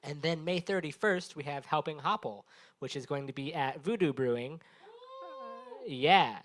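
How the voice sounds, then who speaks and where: A man's voice: on the high side, moderate pace, a bit bright. A young man hosting an open mic, doing loose, profane stand-up crowd work on a small bar stage. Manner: rambling, profane, teasing the audience. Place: small bar venue stage before a live audience.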